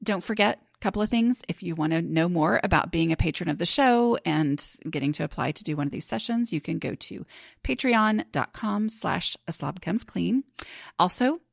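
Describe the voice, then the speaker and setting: Woman, podcast host, friendly casual chat, gravelly edges, dry recording. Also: lowish voice, animated, moderate pace, no room sound. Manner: chatty, laughs easily, southern "y'all".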